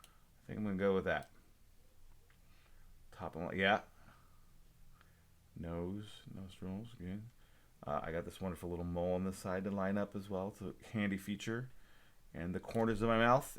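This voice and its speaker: Male teacher, very low voice, laid-back running commentary over a screen demo. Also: normal speed, long pauses. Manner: talks to himself while working, relaxed asides and small jokes. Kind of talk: screen-recorded software demo lesson.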